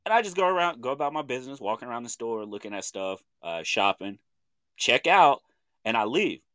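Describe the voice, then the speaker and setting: This man, in his thirties and from Oklahoma, tells a story on the podcast he co-hosts, chatting casually in slang with animated energy and acting out quoted lines in his Oklahoma accent. He speaks briskly at a medium pitch, and there's no echo.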